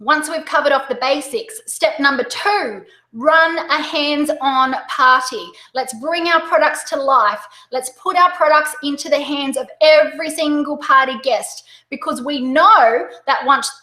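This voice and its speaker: Excitable Australian woman with a high bright voice. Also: echoey room, low-quality recording. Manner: excitable, upbeat, talks fast. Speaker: direct sales coach. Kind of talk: webinar presentation.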